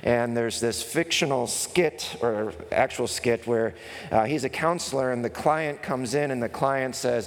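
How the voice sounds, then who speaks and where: A pastor preaching a sermon, earnest and explanatory, sometimes acting out a comic skit with a raised voice. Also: male voice, medium pitch, unhurried. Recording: long hall reverb.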